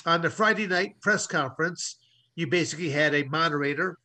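A man's voice: a little high, brisk, pushed and bright. A man co-hosting a talk show, telling a long story in a rambling way with many restarts. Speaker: co-host. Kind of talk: casual storytelling.

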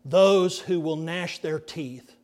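A middle-aged male pastor preaching a sermon, earnest and dramatic, dropping to hushed near-whispers for emphasis. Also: fairly high pitch. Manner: earnest, slow and deliberate phrasing.

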